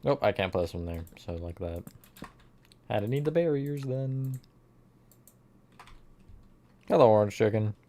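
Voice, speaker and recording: A man's voice: lowish voice, lively intonation, measured pace, long pauses, mellow. A man streaming live, chatting casually with his viewers while he builds, often laughing at his own slips. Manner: chatty, self-mocking, answers chat mid-task.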